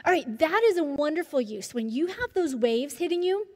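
A woman in her forties, a counselor presenting coping skills to a group, lively and asking the audience questions. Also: high-pitched, moderate pace. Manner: animated, asks the audience questions. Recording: long reverb of a hall.

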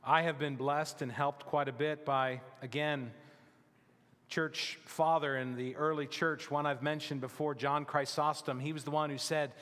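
A male pastor preaching a sermon in an emphatic, deliberate way, with his phrases often sinking to a hushed close. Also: a little high, level tone, long reverb tail. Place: church sanctuary.

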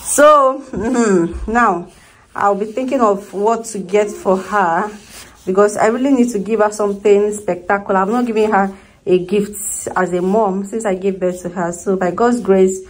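A woman's voice: mid-range voice, measured pace, rough recording. A woman in her thirties with a Nigerian accent, chatting casually to her viewers in a home vlog. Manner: chatty, addresses viewers directly. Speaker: vlogger and stay-at-home mother.

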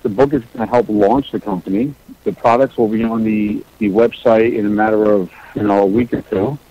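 A man's voice: on the low side, fairly even intonation, a little fast, warm tone, muffled recording. A middle-aged man, a guest on a radio talk show, answering in a laid-back way with short, plain replies. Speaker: guest, entrepreneur. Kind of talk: radio interview.

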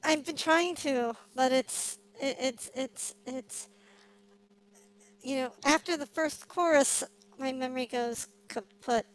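A woman chatting casually on a call, flustered and halting, often stumbling and repeating herself. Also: high-pitched, rough recording. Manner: flustered, halting, self-deprecating. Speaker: streamer singing karaoke.

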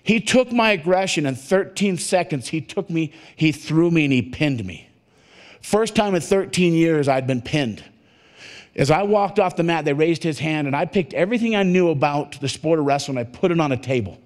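A man delivers a motivational keynote to a conference audience, his voice sitting a little on the high side. He tells his story with animated energy, jumping in pitch as he acts out the exchanges. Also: normal speed. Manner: animated storytelling, acting out dialogue in jumps of pitch. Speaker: motivational speaker. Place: conference hall at a resort.

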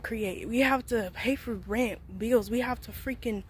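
A woman's voice: on the high side, unhurried, slight background noise. A young woman, a college student vlogger, venting and rambling casually to her viewers with lots of filler words. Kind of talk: casual vlog talk to camera.

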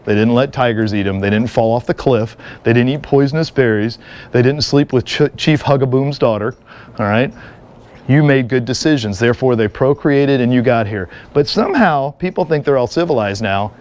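A middle-aged man teaching a live seminar, an energetic instructor who jokes and tells stories to the class. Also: medium pitch. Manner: energetic, joking storyteller. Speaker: firearms and martial arts instructor.

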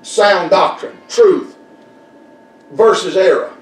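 A man's voice: high-pitched, slow. A man preaching a folksy Baptist sermon, repeating phrases and drawing answers from the congregation. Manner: folksy, repetitive, call-and-response preaching. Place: church sanctuary. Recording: echoey church room, distant mic.

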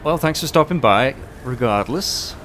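A man doing casual live commentary while playing, excitable, swearing often and chatting with his viewers. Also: medium pitch, measured pace, a little hiss or hum. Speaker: game streamer.

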